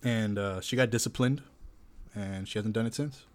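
A man sharing a relaxed anecdote in casual conversation. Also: fairly low pitch, normal speed. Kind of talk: casual chat.

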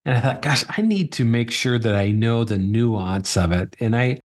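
A man co-hosting a podcast, explaining things in a measured, thoughtful way. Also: medium pitch, expressive, a little mellow. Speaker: podcast co-host. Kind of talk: casual podcast chat.

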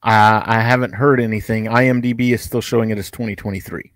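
A man's voice: fairly low pitch, fairly even intonation, fast, a bit bright, no echo. A man co-hosting a live fan talk show, chatting casually and rambling, often restarting his sentences. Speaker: podcast co-host.

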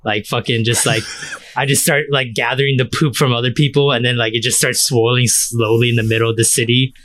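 A man's voice: mid-range voice, steady tone, fairly quick, a bit bright, a little hiss or hum. A man co-hosting a podcast in casual chat, talking in a rambling, crude way full of fillers. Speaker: podcast co-host.

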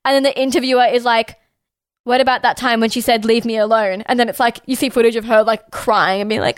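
A woman's voice: fairly high pitch, quick pace, clear, resonant tone, no room sound. Woman, podcast co-host, heated and sweary, filler-heavy, dry recording. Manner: heated, swears often, lots of "like". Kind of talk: casual chat.

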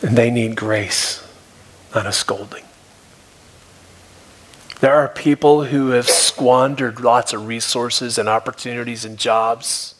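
Slow, husky-voiced male pastor. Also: medium pitch, steady tone. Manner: storytelling, shifts between soft hushed tones and raised emphasis. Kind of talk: sermon. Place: church.

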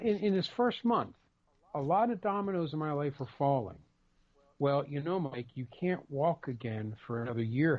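A man's voice: on the high side, muffled recording. A man co-hosting a casual podcast, speaking in an emphatic, rambling way with many repeated words. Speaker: podcast co-host.

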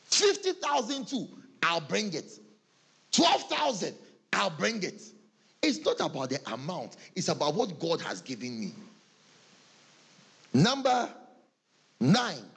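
Ghanaian pastor, male, high husky voice, wildly lively delivery, acts out his congregation, preaching. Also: slow, long pauses. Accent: Ghanaian English. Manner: animated preaching, acts out church members' excuses, laughs often. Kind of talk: sermon.

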